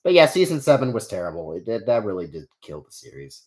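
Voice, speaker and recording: A young man chatting on a live stream, his pitch swinging up and down as he talks. He rambles with lots of fillers and restarts, answering viewers in a loose, easygoing way. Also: sing-song, quick pace, a little mellow. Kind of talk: casual live stream chat.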